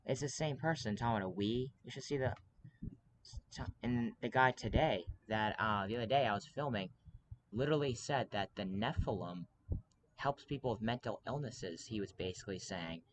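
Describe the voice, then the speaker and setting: A man's voice: lowish voice, moderate pace, a little hiss or hum, rough recording. Rambling man talking urgently to camera. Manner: rambling, urgent, many fillers and restarts. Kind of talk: casual monologue to camera.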